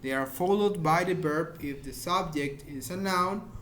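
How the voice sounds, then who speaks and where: Man, high voice, informal English teacher, patient repeated examples, slight hiss. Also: fairly bright tone. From Mexico. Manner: explains slowly with repeated examples, searches for words. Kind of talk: informal grammar lesson.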